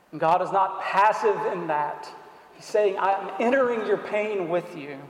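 Preacher, man, high-pitched and unhurried, earnest sermon in a big reverberant hall. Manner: earnest, deliberate, rhetorical questions. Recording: echoey hall.

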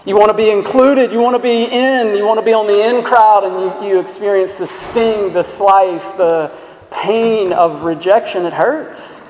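A man's voice: high voice, fairly even intonation, measured pace, darkish tone. A man preaching a sermon as a pastor, earnest and emphatic, asking the listeners questions. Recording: echoey hall sound.

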